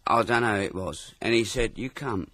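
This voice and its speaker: A man's voice: on the low side, brisk, pushed and bright, no room sound, clean studio sound. A man telling a crude, repetitive, indignant story in an improvised comic chat. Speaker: comedian in improvised dialogue.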